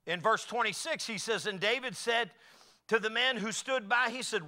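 A middle-aged man preaching a folksy sermon, swinging from quiet asides to loud exclamations. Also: high voice, animated, a little fast. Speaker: pastor.

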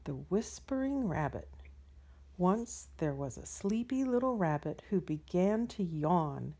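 Slow, mellow woman reading a bedtime story. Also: lowish voice, big pitch swings, breathy edge. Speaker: storybook reader.

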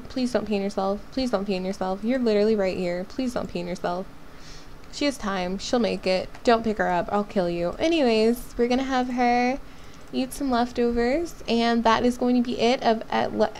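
A woman's voice: a little high, darkish tone, a little hiss or hum. A woman hosting a life-sim game video, chatting casually and talking to her characters as she plays. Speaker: gaming channel host. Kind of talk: casual let's-play commentary.

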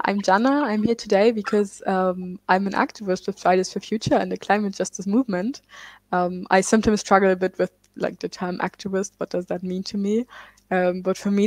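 A German woman in her twenties, a climate activist speaking on a panel, talking in a relaxed way with many fillers and restarts. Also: mid-range voice, no echo. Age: 20s. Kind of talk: panel talk.

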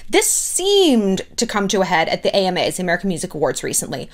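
A woman hosting casual gossip commentary, talking in an animated, candid and sarcastic way. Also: fairly low pitch, quick pace. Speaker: pop culture commentary host.

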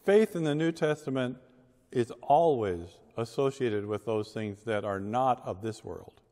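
A man, a pastor, reading scripture and preaching a sermon with measured, emphatic delivery and deliberate pauses. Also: mid-range voice, mellow. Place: church sanctuary. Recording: long church reverb.

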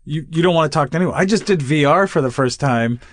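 A man's voice: fairly high pitch, fast talker. A man guesting on a casual podcast, teasing the hosts and laughing often. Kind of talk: casual chat.

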